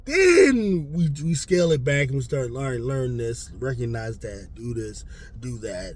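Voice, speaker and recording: A man hosting a casual sports talk show, ranting in an animated, profane, rambling way with lots of fillers. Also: medium pitch, a little slow, slight background noise. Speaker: sports commentator host.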